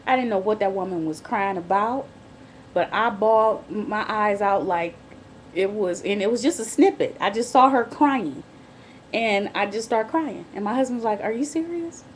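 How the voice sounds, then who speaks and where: A woman's voice: mid-range voice, normal speed, a little hiss or hum. A pregnant woman, vlogging from bed rest in a chatty, candid way, with frequent restarts and asides. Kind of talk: casual pregnancy diary vlog.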